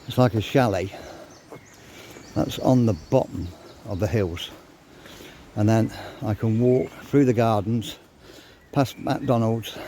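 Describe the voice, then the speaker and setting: An older man rants bluntly to his viewers, swearing as he goes and audibly short of breath. His voice is dark and mellow, with a faint outdoor hum of birds and country air behind him. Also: lowish voice, gravelly. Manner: blunt, swears freely, grumbling. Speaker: vlogger. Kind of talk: casual ranting monologue.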